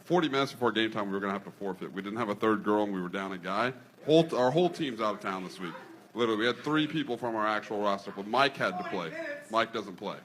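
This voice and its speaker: A man's voice: lowish voice, lively intonation, quick pace, a bit bright. A man rambling through a kickball game recap in a casual podcast chat, with many fillers. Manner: rambling, laughing, filler-heavy. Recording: crowd noise behind.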